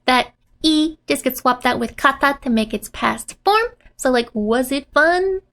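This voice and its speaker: A woman with a high, bright voice walks through Japanese phrases from a manga page, unhurried and deliberate in her explanations. She keeps the lesson playful, laughing often and slipping into the characters' lines. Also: lively intonation. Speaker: Japanese language teacher. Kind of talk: manga-based language lesson.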